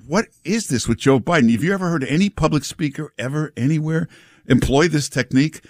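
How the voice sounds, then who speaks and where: A man's voice: a little high, brisk, no room sound, studio quality. A male talk radio host chatting with callers and guests in a sarcastic, mocking way. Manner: sarcastic, mocking, lively delivery. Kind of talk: casual talk radio banter. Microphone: studio microphone.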